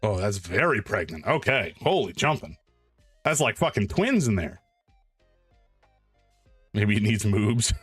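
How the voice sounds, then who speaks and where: Male streamer, casual live chat; excitable and rambling, pitch leaping all over, dry close sound, faint music underneath. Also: a little slow, pauses often, husky, no room sound. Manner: excitable, rambling and self-mocking, with sudden loud exclamations.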